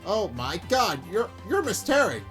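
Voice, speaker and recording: A man's voice: high-pitched, big pitch swings, measured pace, fairly bright tone, soft background music. A man hosting a let's play, reading a game and joking between lines. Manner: jokey and upbeat. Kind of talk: casual game commentary.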